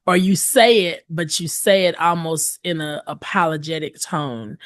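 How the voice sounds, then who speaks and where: A woman's voice: a little slow, dry recording, studio quality. A woman hosting a motivational podcast, speaking emphatically and checking in with the listener, sometimes acting out hesitant voices. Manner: emphatic, repeats "okay?" to the listener; acts out hesitant voices with big pitch jumps. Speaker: podcast host and coach.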